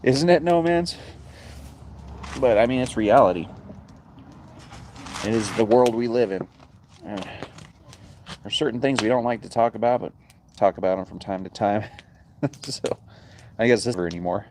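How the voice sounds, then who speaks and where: A man's voice: on the low side, moderate pace, pauses often, a little mellow, slight background noise. A man hosting a casual livestream chat outdoors by a backyard bonfire, talking in an easygoing, rambling way and chuckling often. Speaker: livestream host. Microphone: phone.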